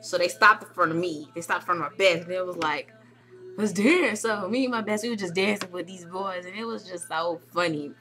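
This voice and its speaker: A young woman excitedly telling a vlog story, acting out quotes with squeals and shouts. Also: lowish voice, fast talker, few pauses. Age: young adult. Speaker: vlogger recounting a club night.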